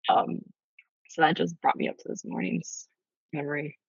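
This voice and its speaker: A woman in a panel discussion telling a story in a casual, animated way, acting out the voices she quotes and swearing freely. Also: sits low, moderate pace, gravelly, husky, no room sound, highs cut off. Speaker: panel guest.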